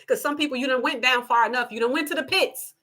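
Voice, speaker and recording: Woman, spiritual live-stream host; bright, forceful tone, preacher-like repeats, softens into gentle asides. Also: high voice, brisk. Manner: emphatic and repetitive, preacher-like cadence; shifts into soft, gentle asides to her child. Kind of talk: impassioned spiritual monologue.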